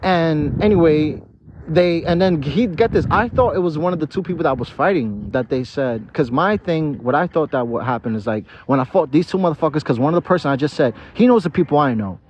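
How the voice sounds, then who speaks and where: A man's voice: a little high, animated, brisk, a little mellow, lo-fi sound, slight background noise. A tipsy, slurring young man tells a rambling, profane story straight to his viewers from a park. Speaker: vlogger. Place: outdoors in a park.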